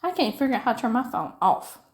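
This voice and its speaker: A woman's voice: on the high side, sing-song, fast. A middle-aged woman with a Southern US accent from upstate South Carolina, chatting in a rambling, folksy way while she crafts. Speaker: diamond painting vlogger.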